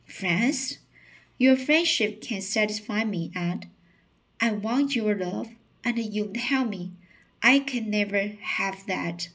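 A woman reading the part of a quietly insistent young man in a storybook, in a slow, low-key way. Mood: earnest.

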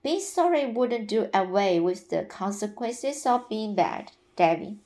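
A patient, imaginative young woman from a storybook audiobook, read by a woman. She speaks gently and slowly, in a storytelling way, with a mid-pitched voice. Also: lively intonation. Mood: gentle.

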